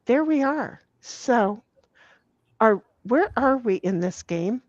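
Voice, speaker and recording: A woman's slightly high voice moves with lively intonation at an unhurried pace as she hosts a livestream party game. Chatting casually, she curses freely, laughs frequently, and reads the chat aloud; the audio is dull and echo-free.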